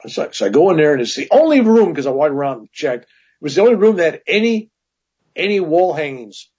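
A man's voice: fairly high pitch, fairly quick, husky, highs cut off. A man telling long personal stories as a guest in a casual interview, with many asides. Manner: rambling, animated anecdotes with many "right?" asides.

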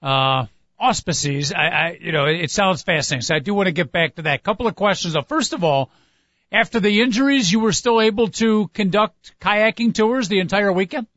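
A man hosting a casual chat, asking measured, wordy questions. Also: high voice, fairly bright tone, no room sound. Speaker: podcast host. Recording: dull, dry lo-fi sound.

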